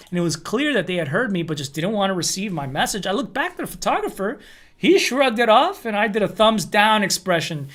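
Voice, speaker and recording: A man's voice: high-pitched, fairly bright tone. Man hosting a crypto news show. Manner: reads steadily, then chats loosely with fillers and restarts. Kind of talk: reading a first-person account aloud, then commentary.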